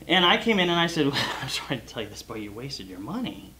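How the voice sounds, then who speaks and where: A man's voice: mid-range voice, quick pace, slight background noise. A man speaking as guest at a club party, telling sales stories and acting out the customers' lines. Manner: animated storytelling, acting out customers' voices. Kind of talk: sales and mindset talk to a club audience.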